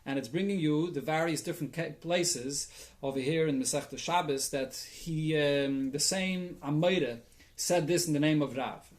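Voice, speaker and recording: High-voiced rabbi teaching the Talmud. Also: male voice, normal speed. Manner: reads Aramaic text and explains it in English with Yiddish and Hebrew terms; thinks aloud, with restarts and fillers. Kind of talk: Talmud study lesson.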